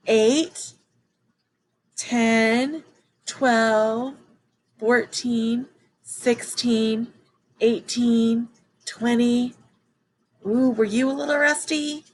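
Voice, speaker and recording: A woman's voice: a little high, steady tone, very slow, long pauses, rough recording. Upbeat, encouraging woman teaching kids math. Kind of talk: children's math lesson.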